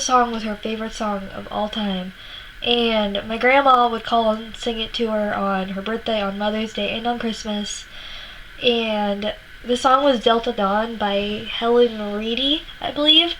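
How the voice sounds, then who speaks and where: A young woman talks into the camera in a personal vlog, her voice pitched a little high. She rambles, full of fillers and restarts, and sounds tearful and upset. A faint hiss of noise sits behind her. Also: sharp tone, poor audio. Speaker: vlogger.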